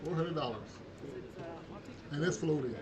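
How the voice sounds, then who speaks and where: A man making excited asides to the camera while filming a boat auction. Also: on the high side, normal speed. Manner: excitable, exclaiming. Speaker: vlogger. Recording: distant voice with loud background noise. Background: outdoor noise.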